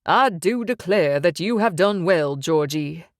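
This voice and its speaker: A woman voicing a thin, menacing male crime boss who speaks in a slow, genteel Southern drawl. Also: on the low side, animated, dry recording, clean studio sound. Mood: silky menacing.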